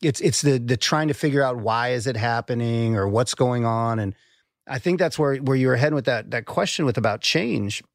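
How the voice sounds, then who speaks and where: Gravelly man talking earnestly. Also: medium pitch, moderate pace, no room sound, clean studio sound. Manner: earnest, reflective, swears casually, repeats words when starting. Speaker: guest. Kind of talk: conversational podcast talk.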